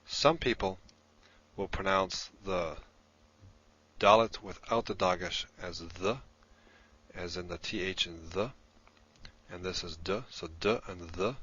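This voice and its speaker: A man's voice: low-pitched, steady tone, takes it slowly, pushed and bright, slightly rough, dull audio. A man giving a recorded lesson, explaining patiently step by step while he writes things down. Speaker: instructor in a played lesson video.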